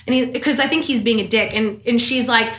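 A woman's voice: fairly high pitch, a little fast, a bit bright, echoey room. A woman co-hosting a podcast in casual chat, animatedly acting out characters' lines as she recaps a TV drama. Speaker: podcast co-host.

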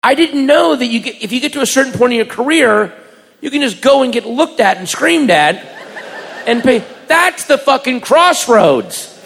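A man doing stand-up, telling a story in an animated way, acting out voices and shouting punchlines. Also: very high voice, moderate pace, creaky. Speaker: stand-up comedian. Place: comedy venue before a live audience. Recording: live room with long reverb and crowd. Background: audience laughter and crowd noise.

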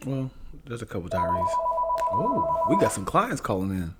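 A man's voice: fairly low pitch, very animated, normal speed. A man co-hosting a casual chat show, teasing and laughing mid-sentence. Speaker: podcast co-host. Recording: noisy recording.

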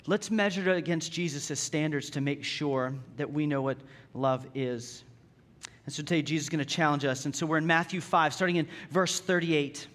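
A man's voice: sits high, moderate pace, fairly bright tone. A man preaching a sermon in a conversational way, reading scripture and asking the congregation rhetorical questions. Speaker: pastor.

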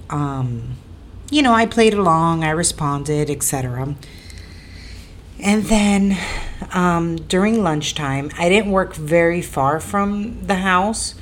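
A woman's voice: deep voice, slight background noise. A woman telling a personal story in a casual, rambling way, repeating herself with fillers and building to emphatic, indignant stretches.

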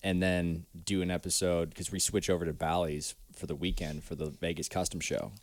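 A man's voice: sits low, little pitch movement, fairly quick, no echo. A man co-hosting a podcast in casual, joking chat, rambling and laughing often. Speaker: podcast co-host. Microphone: studio microphone with low cut.

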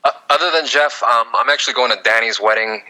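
A man's voice: mid-range voice, quick pace, bright, forceful tone, low-quality recording. A man, a guest on a talk show, casually telling joking anecdotes and laughing as he talks. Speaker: guest, former cooking-show contestant. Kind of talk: casual storytelling chat.

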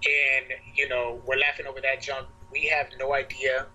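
Animated bright-voiced young man telling a story. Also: moderate pace, highs cut off, slight background noise. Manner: animated, acts out quoted voices in a high pitch, laughs often. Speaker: podcast co-host. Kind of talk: casual storytelling.

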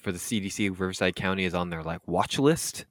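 A man's voice: low voice, fairly quick, no echo, clean studio sound. A young man co-hosting a podcast, trading crude jokes in loose casual banter and swearing freely. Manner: animated, joking, swears freely. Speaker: podcast co-host.

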